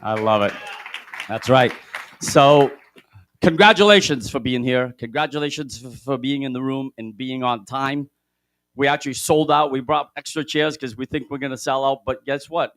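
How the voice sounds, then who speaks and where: A man hosting a live conference from the stage, energetic and hyped, his voice slightly hoarse. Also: mid-range voice, moderate pace, no room sound. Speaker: event host. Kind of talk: live event emcee talk.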